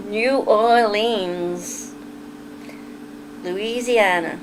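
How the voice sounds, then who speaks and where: A woman's voice: mid-range voice, a little slow, background noise. Chatty English woman on a livestream. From England. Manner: chatty, laughs often, wanders off on tangents. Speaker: livestream host. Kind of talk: casual chat reading a live chat.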